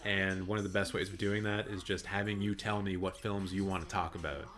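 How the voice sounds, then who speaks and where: A man with a deep, raspy, hoarse voice, chatting casually and rambling a little as he live-streams his reactions to an awards show on a good mic. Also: little pitch movement, a little fast, a bit bright. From Canada. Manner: chatty, rambling, with fillers and restarts. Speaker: film channel live streamer. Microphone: good studio mic.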